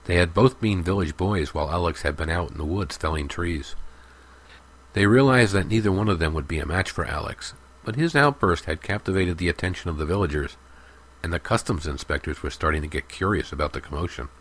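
A man narrating a story in a steady, even audiobook style. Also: low voice, a little fast.

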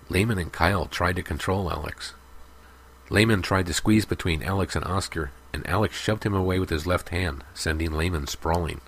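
Deep-voiced man narrating a story. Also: moderate pace, fairly bright tone. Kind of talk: audiobook narration.

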